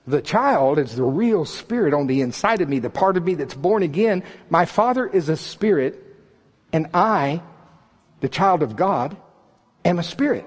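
A male preacher with a slightly high voice delivers his sermon in an unhurried way at a church service. He's animated and full of jokes, shifting between loud and soft passages.

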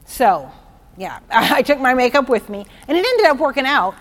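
A woman with a fairly high voice gives a chatty, excitable Bible teaching. She tells personal stories to make her points. She keeps checking in with her listeners with "okay?" and "right?". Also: normal speed.

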